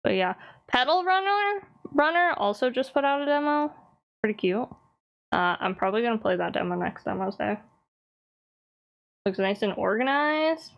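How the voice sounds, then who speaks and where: A woman's voice: a little high, animated, normal speed, gravelly, pauses often. A woman streamer chatting casually on a live stream, teasing and answering her chat with frequent laughs.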